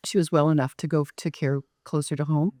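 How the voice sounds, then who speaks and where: A woman's voice: low-pitched, fairly even intonation, fast, dark tone, no echo, clean studio sound. A woman from a children's charity, talking earnestly in an interview and telling a story. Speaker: charity foundation guest. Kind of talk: interview conversation.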